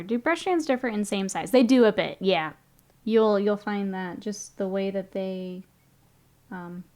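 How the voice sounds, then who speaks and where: A woman's voice: medium pitch, darkish tone. Chatty woman painting on a livestream. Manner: chatty, laughs often, reads chat aloud. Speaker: streamer painting miniatures. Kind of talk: casual livestream chat.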